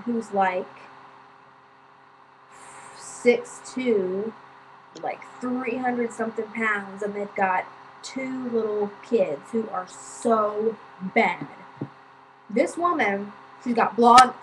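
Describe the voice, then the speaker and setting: A woman's voice: on the high side, a little hiss or hum, rough recording. A woman vlogger telling a story in a chatty, casual way, with lots of fillers and swearing.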